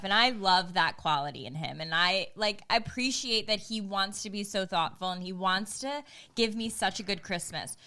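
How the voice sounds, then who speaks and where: A woman in her thirties, a podcast guest, telling a story in an animated way, laughing and swearing as she goes. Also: mid-range voice, clean tone. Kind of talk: casual chat, storytelling.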